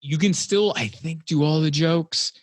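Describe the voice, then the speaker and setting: A man from Hungary, a guest comedian in a casual podcast conversation, telling stories in a rambling, chatty way that grows animated. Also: on the high side, measured pace, dry recording. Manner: chatty storyteller, rambling with fillers, gets animated.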